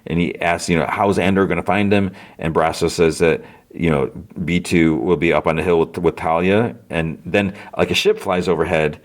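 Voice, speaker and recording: A man's voice: sits low, fairly even intonation, normal speed, hardly any pauses. A man hosting a podcast, casually recapping a TV episode in a rambling way, full of fillers and self-corrections. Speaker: podcast host.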